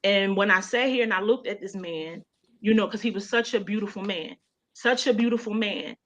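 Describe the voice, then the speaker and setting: Baltimore woman, mid pitch, raw personal storytelling, slightly muffled recording. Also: moderate pace, fairly bright tone. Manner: emotional, conversational, many fillers like "you know". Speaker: guest. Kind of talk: personal storytelling in a radio interview. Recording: dull lo-fi sound.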